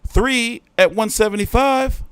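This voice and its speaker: A boxing show host with a smooth, somewhat bright voice speaks unhurriedly while delivering a profane, heated livestream rant full of shifts in pitch and volume. No echo is present.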